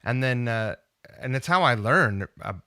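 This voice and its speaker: A man from Seattle hosting a podcast, chatting casually and swearing in a relaxed way. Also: mid-range voice, measured pace, clear, resonant tone, no room sound, clean studio sound. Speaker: podcast host. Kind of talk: casual chat.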